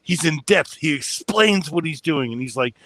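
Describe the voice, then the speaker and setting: A man's voice: a little high, expressive, moderate pace, bright, forceful tone, slight background noise. A man hosting a casual podcast chat, rambling and self-mocking, laughing often. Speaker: podcast host.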